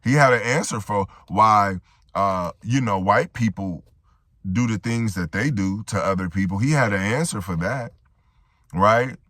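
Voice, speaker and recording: A man's voice: lowish voice, a little slow, a bit bright, no echo, clean studio sound. A man giving a reaction commentary monologue, making rhetorical points and often tagging them with "right?".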